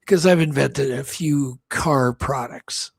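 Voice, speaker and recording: A man's voice: medium pitch, slow pace, gravelly, breathy edge, dry recording. A man co-hosting a talk show, rambling through a story with many restarts and acted-out quotes. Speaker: co-host. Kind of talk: casual storytelling chat.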